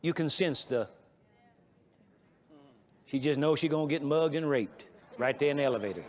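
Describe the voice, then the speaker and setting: Man, pastor, sermon teaching, emphatic conversational delivery, slightly high pitch, long church-hall reverb. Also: moderate pace, pauses often. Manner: emphatic, conversational preaching with repeats for stress. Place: church sanctuary.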